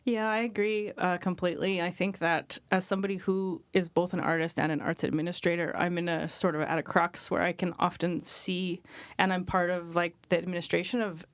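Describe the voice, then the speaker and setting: Woman, low-pitched, dry close sound, earnest panel talk. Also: level tone, no echo. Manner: earnest, measured, many fillers. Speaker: artist and arts administrator. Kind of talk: panel discussion on a call.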